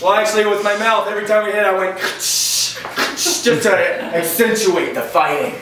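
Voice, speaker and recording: Playing a knight at a children's party, a man hams up a jokey adventure story and leans into the drama. His voice sits high at normal speed, recorded far from camera in a very echoey room with faint noise.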